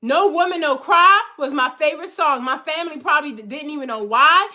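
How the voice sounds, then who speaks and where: Middle-aged woman, motivational host, high bright voice, emphatic and preachy. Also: fairly quick. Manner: emphatic, preachy, repeats phrases for rhythm. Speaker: host, life coach. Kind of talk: motivational talk to viewers.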